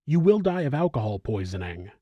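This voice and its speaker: A man hosting a true crime show in scripted narration, with wry, expressive commentary. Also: mid-range voice, a little fast, dull audio. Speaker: true crime channel host.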